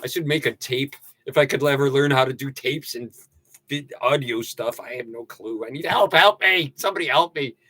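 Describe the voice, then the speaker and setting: An older man hosting a casual livestream, ranting and joking with sudden loud outbursts. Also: medium pitch, steady tone, moderate pace, husky, dry recording. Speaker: livestream host. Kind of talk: casual livestream rant and sign-off.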